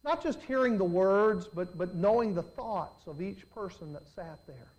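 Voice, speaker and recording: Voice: animated, rough recording. A pastor preaching with dramatic swings. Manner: swings from quiet, slow reflection to loud, rising emphasis; acts out quoted people in lowered voices. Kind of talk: preaching a sermon.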